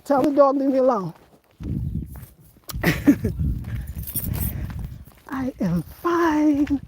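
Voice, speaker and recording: Walking outdoors through the countryside, an American woman vlogs casually, chatting and laughing with her viewers. Her voice is high and warm with a breathy edge, and the audio quality is poor.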